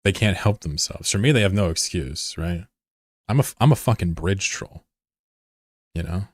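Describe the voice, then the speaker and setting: A man's voice: deep voice, animated, normal speed, no room sound, studio quality. A man leading an online game fleet on a live stream, talking casually in a rambling, joking way with plenty of swearing into his desk mic. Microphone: desk microphone.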